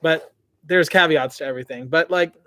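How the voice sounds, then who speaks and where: A man co-hosting a casual livestream Q&A, talking in an animated, slangy way and often repeating his words. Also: a little high, moderate pace, dry recording, studio quality. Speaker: co-host answering viewer questions.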